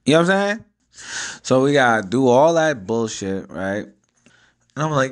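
A man's voice: medium pitch, fairly quick. A man talking at home, telling a long story in a casual, slangy, profane way and acting out each person's lines. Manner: animated, profane, slangy, acts out the dialogue.

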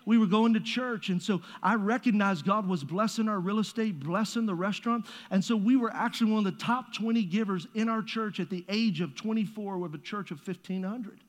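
A man's voice: sits high, fairly quick, hardly any pauses. A man preaching a sermon as pastor, conversational and joking, with playful asides to the congregation. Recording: long reverb of a large hall.

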